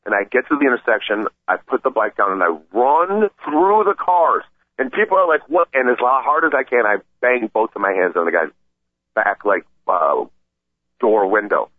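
A man tells a story in a casual chat, excited and rambling, stumbling over his words as he goes. His voice sits at an ordinary middle pitch. The sound is dry and tinny, like a phone line. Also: moderate pace, no room sound. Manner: excited, rambling, stammering retelling. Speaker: podcast regular telling a story.

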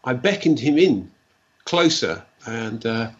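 A man, a guest telling stories in a rambling, animated way and acting out the dialogue. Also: medium pitch, takes it slowly, slightly rough. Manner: rambling, animated storyteller who acts out dialogue. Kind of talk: casual storytelling. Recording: dull lo-fi recording.

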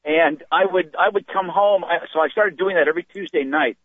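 A man's voice: fairly high pitch, fairly quick, no room sound. A man in his fifties, a stand-up comedian, telling stories from his life in an interview and acting out the voices of people he quotes. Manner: animated storyteller, acts out quoted voices. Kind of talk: storytelling in an interview. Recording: phone-like dry sound.

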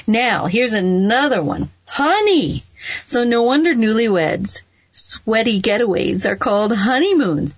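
Playful lady host chatting about love advice, kinda husky, dull dry lo-fi sound. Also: mid-range voice, dry recording. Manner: playful, laughs at own rhymes and stumbles. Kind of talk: casual radio-style advice talk.

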